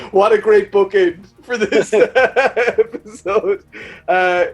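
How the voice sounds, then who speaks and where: Irish guy hosting a chat show, talks a lot, laughs a lot, stumbles, voice sits high. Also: extremely slow, faint music behind. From Ireland. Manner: chatty, laughs often, stumbles over words. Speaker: podcast host. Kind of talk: casual interview chat.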